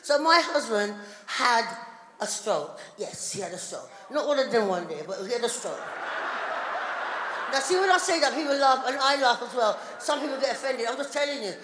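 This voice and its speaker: A woman's voice: on the high side, lively intonation, moderate pace. Brash woman doing stand-up in a hall. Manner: loud, brash and chatty with the crowd. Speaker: stand-up comedian. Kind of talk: live stand-up routine. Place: large hall on stage before a live audience. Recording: echoey hall, live audience noise.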